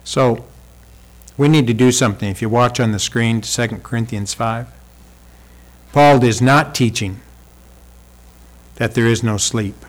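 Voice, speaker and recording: A man's voice: medium pitch, a little slow, long pauses. A man preaching a sermon in a church hall. He talks emphatically and asks the congregation rhetorical questions. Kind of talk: sermon with visual aids.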